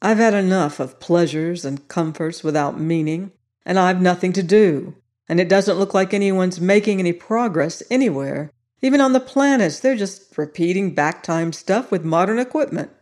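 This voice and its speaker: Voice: medium pitch, normal speed, a little mellow, natural voice. A narrator voicing a resentful, stubborn young man who speaks curtly and directly in an audiobook reading. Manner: curt and direct.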